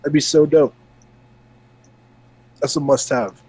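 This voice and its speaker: Guy with a husky voice, laid back gaming podcast chat, keeps getting hiccups. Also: a little high, slow pace, low-quality recording. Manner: relaxed, chatty, with hiccups. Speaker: podcast co-host.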